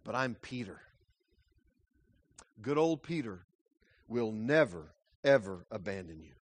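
A male preacher voicing a brash, overconfident apostle who protests loudly and arrogantly. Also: on the low side, sing-song, slow, voice pushed down, full character voice. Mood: insistent. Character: brash boastful apostle, grown man, overconfident.

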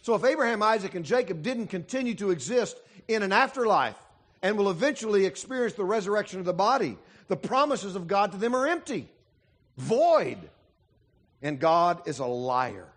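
A man preaching a sermon as a pastor, emphatic and full of dramatic pauses. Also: high-pitched, sing-song, a bit bright.

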